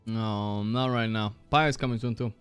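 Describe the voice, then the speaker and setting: A young man streaming live, chatting casually, reacting loudly and swearing often while he plays a guessing game. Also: lowish voice, fairly even intonation, moderate pace, clean tone, no echo, soft background music.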